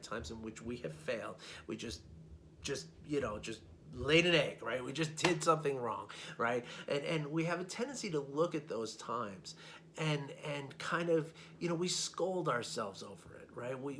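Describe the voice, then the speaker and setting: A male life coach at a medium pitch gives a loose, conversational talk, checking in with his listeners over and over and stumbling into repeated words. A faint hum sits behind his voice. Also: fairly bright tone. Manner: chatty, frequent "right?" check-ins, repeats words. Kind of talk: casual teaching talk.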